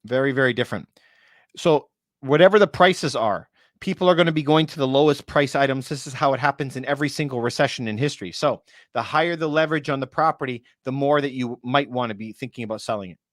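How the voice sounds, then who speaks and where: This broker's mid-range voice comes through with no echo and studio quality as he talks casually on a livestream. He greets viewers by name and makes quick asides, though his voice is fading from overuse.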